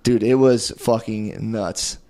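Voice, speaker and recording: A man co-hosting a comedy podcast, rambling through a chaotic anecdote and acting out everyone's lines in a higher voice. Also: fairly even intonation, dark tone. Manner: rambling, fast, acts out quotes with raised pitch, peppered with "dude". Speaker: podcast co-host. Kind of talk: casual comedy podcast storytelling.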